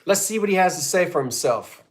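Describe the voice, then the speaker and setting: A man's voice: high voice, lively intonation, brisk. A man hosting a live online sale, counting down bids and teasing regular buyers in casual chat. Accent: American. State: coughing fits. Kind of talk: live auction selling chat.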